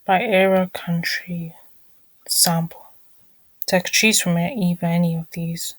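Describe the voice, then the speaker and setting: A woman's voice: fairly low pitch, steady tone, a little slow, no room sound, poor audio. A woman vlogging casually, talking through her screen, apologizing often and muttering irritated asides under her breath.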